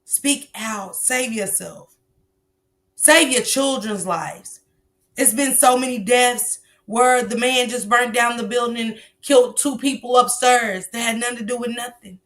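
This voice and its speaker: A woman's voice: fairly high pitch, unhurried, a bit bright. A woman hosting a casual livestream, commenting bluntly on a clip and preaching a lesson, swearing freely. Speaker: livestream host. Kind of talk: casual commentary on viral clips.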